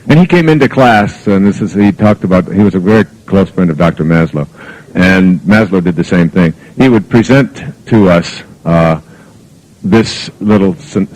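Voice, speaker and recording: Man, very low voice, motivational lecture, anecdotal, reflective, uses fillers. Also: a little mellow, poor audio. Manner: rambling anecdotal storytelling with fillers. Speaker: motivational speaker. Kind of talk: spoken lecture to an audience.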